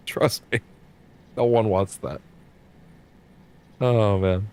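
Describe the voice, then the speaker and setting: A man's voice: lowish voice, steady tone, very slow, long pauses, a little mellow, clean tone. A young man giving casual, rambling commentary while streaming a game, swearing offhandedly.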